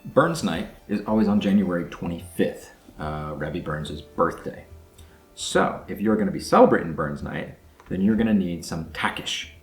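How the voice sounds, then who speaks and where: A man's voice: deep voice, expressive, moderate pace. A man hosting a casual language-learning vlog, explaining in a chatty way and thinking aloud as he works through words. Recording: echoey room with faint music.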